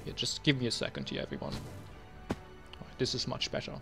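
A young man talking casually while reviewing his old game bans. He mutters asides to himself and then bursts into loud, exasperated ranting. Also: medium pitch, very animated, brisk, vocal fry, music in the background. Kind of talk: casual screen-recorded commentary.

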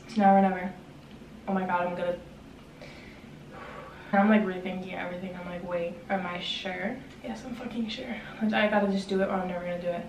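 A young woman chatters anxiously to herself, swearing as she goes, in a casual home vlog. She sits away from the camera, and the room is echoey and full of steady background noise. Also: fairly low pitch, fast talker, pauses often, distant mic, muffled recording. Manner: anxious, swearing, self-talk while cutting hair. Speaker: vlogger.

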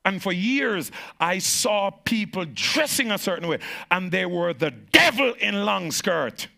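A man preaching a sermon to a congregation as pastor, with emphatic repetition that swings from shouted peaks to slow, low phrases. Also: big pitch swings, creaky.

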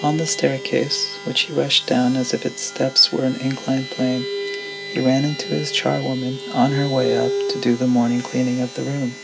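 A man reading classic fiction aloud as a steady, even narrator, with music underneath. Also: mid-range voice, moderate pace, creaky, rough recording.

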